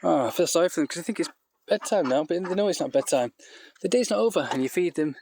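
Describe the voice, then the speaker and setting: A man rambles through a casual vlog outdoors in a farmyard, full of restarts and fillers. His voice sits a little high, and he coaxes the ducks in a higher tone still. A faint hiss runs underneath. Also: expressive, quick pace. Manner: talks to the animals in a higher, coaxing voice. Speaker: vlogger keeping poultry on a farm. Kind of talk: casual walk-and-talk vlog. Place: outdoors in a farmyard by a duck shed.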